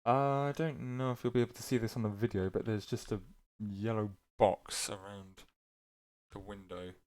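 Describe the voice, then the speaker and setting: A man with a fairly low voice talks through his gameplay in a loose, rambling way, full of fillers and mid-sentence corrections. His voice cracks here and there as he goes. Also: fairly even intonation, moderate pace, a little mellow. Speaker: gameplay video creator. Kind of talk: casual gameplay commentary.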